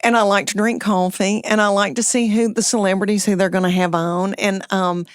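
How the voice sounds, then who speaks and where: A woman in her fifties with a Tennessee Southern accent, a comedian chatting with animated, self-deprecating storytelling. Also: medium pitch, fairly quick, clean tone, dry recording, clean studio sound. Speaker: comedian guest. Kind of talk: casual chat.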